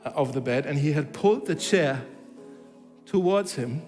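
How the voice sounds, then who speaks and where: A man's voice: fairly high pitch, expressive, normal speed, a little mellow, in a large hall, faint music behind. A man preaching a sermon, telling a story and acting out its dialogue, with frequent restarts. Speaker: pastor. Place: church hall.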